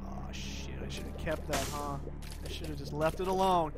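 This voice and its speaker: A young man with a high voice rambles through a game run, making silly asides and arguing with the characters on screen. Background music plays clearly under his desk-mic commentary. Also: steady tone, normal speed. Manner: goofy, rambling, talks to the game. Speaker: gaming video host. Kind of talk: let's play commentary. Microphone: desk microphone.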